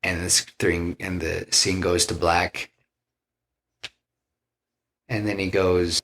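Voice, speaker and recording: A man's voice: low-pitched, little pitch movement, slow, long pauses, fairly bright tone. A man on a podcast, telling a film scene by scene in a loose, rambling way and acting out the lines he quotes. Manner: loose, rambling with restarts and "you know". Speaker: podcast co-host pitching a film. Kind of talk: casual storytelling chat.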